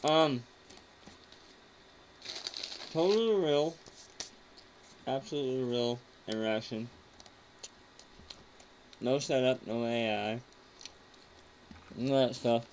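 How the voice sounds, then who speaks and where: A man's voice: mid-range voice, slow pace, long pauses, darkish tone, slight background noise, rough recording. A man hosting a casual online show, reacting to videos with a crude, mocking, rambling manner. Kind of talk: casual rant commentary.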